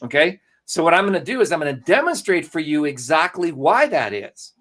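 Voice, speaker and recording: A man co-hosts a live marketing broadcast, presenting casually and greeting viewers by name in an animated, salesy way. His voice is fairly high and a little fast.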